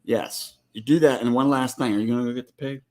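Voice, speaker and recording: A man's voice: medium pitch, fairly even intonation, fast, darkish tone. A man co-hosting a live ranch stream, talking casually with teasing asides and restarts.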